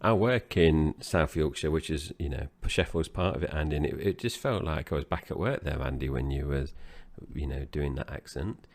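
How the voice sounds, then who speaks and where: Very deep-voiced man. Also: lively intonation, normal speed, vocal fry, hardly any pauses. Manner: easygoing, recaps the plot, hesitant restarts. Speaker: podcast co-host. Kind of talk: casual film-review chat.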